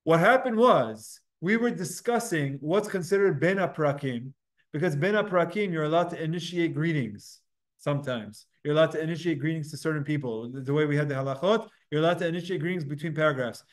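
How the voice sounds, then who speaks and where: A brisk, rather high-voiced man runs a Talmud class. He explains things one step at a time in an easygoing manner, putting questions out and resolving them himself while chatting with his students.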